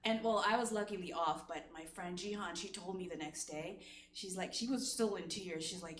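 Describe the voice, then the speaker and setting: A woman's voice: on the low side, moderate pace, a little hiss or hum. A woman hosting a comedy show and doing a stand-up set, chatty and laughing at her own jokes, with many filler words. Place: comedy stage in an echoey room. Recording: echoey live room recording.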